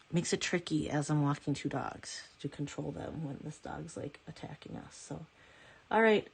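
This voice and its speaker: A woman's voice: sits low, breathy edge. A woman chatting casually as a nail art vlogger at home, rambling and correcting herself as she goes. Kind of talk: casual chat.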